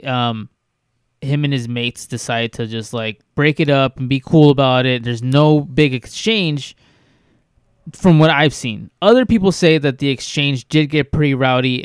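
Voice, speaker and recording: A man's voice: medium pitch, clear, resonant tone, dry recording, studio quality. A man co-hosting a casual chat, retelling a story with frequent hesitations. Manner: hesitant storytelling with many "um"s and restarts. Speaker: podcast co-host.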